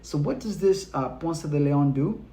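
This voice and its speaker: A man's voice: on the high side, animated, unhurried, dark tone, slight background noise. A man hosting a history lesson, talking bluntly and casually with slang. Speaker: history channel host. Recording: roomy echo with faint music.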